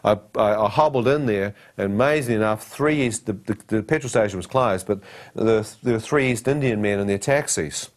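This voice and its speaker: A man's voice: lowish voice, a little fast. A man giving a personal testimony, telling his story dramatically and acting out the dialogue and his own thoughts.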